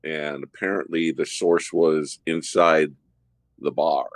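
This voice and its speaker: Man, very low voice, former undercover narcotics officer, steady detailed storytelling, dry close sound. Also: slow pace, no echo. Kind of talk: casual storytelling.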